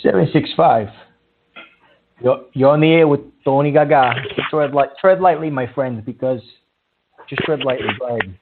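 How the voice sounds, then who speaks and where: A man's voice: mid-range voice, moderate pace, background noise. A man hosting a comedic call-in radio show, blunt and heated, swearing as he lectures. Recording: tinny phone-like line.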